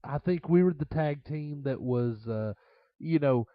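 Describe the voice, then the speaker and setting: A man's voice: a little high, a little slow, no echo. A man, a former wrestler, telling road stories in a rambling way, full of fillers and laughter. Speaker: interview guest, former wrestler. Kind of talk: casual storytelling. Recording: dull, lo-fi.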